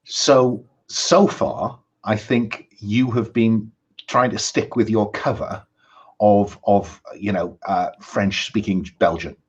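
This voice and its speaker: A man's voice: on the low side, slow pace, breathy edge, lo-fi sound. A man running a tabletop horror game as game master, talking with many ums and restarts.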